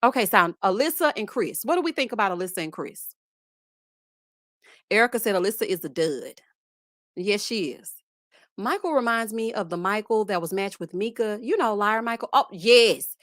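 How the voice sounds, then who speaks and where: A young woman with a Southern twang hosting a casual live chat, reading viewer comments in a lively, sassy way and calling her audience honey and child. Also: mid-range voice, normal speed, dry recording, studio quality. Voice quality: lively, sassy, laughs loudly. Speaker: host.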